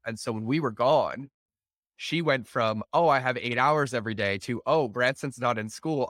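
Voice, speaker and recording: A man hosting a podcast, telling a family story in a casual, animated way and acting out the voices of his wife and son. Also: mid-range voice, no echo. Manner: animated, acts out family dialogue with laughs. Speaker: podcast host.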